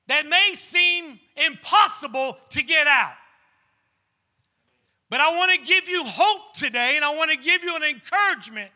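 A man preaching a sermon as pastor, fervent and rising at times to shouts. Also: very high voice.

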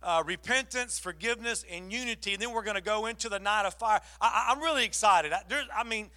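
Male pastor, high bright voice, animated storyteller in the pulpit. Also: fast. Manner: animated storytelling, acts out both sides of the talk. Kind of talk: sermon with a story.

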